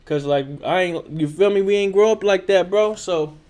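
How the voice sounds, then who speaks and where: A man's voice: sits high, normal speed, darkish tone. A man with a Californian accent telling a casual personal story in slangy, profane speech full of filler tags. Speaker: show host telling a story.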